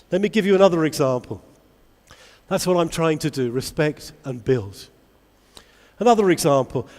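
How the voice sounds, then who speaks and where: A man giving a lively conference talk to English teachers, asking the audience many questions. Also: fairly high pitch. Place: large convention hall. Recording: long hall reverb.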